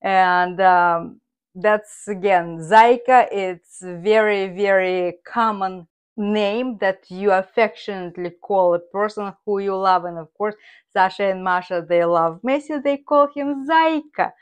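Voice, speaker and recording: A woman teaching Russian, explaining words slowly and carefully in English. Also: medium pitch, clear, resonant tone.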